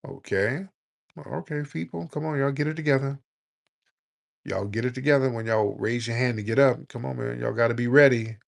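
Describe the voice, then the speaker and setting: A man hosting a call-in show, blunt and joking, scolding his callers in loud, casual talk. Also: mid-range voice, a little fast, gravelly. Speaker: radio call-in host.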